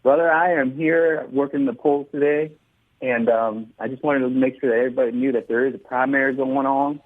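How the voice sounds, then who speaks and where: A man calling in to a talk radio show, friendly and halting with many fillers. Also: mid-range voice, steady tone, no room sound. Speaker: caller. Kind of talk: phone-in call. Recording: tinny phone line.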